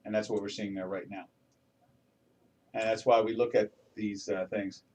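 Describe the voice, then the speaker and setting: A man's voice: lowish voice, flat delivery, moderate pace, darkish tone, far from the mic. An older man hosting a live trading webinar, talking through charts in a folksy, rambling way with many restarts and fillers. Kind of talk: casual live market commentary.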